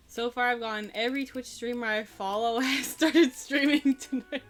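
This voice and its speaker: A woman's voice: fairly high pitch, fairly even intonation, moderate pace, few pauses, faint music behind. A woman streaming a video game with a friend, chatting playfully and giggling. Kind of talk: casual gameplay chat.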